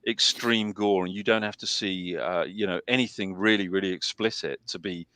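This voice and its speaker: A man's voice: low voice, fairly even intonation, moderate pace, pushed and bright, dry recording. A man talking films in a casual review chat, emphatic and repeating phrases to drive a point home.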